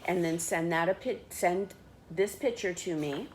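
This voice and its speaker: Woman, teacher, patient step-by-step instructions, slow pace, noisy recording. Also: fairly low pitch, a little mellow. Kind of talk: remote class instructions.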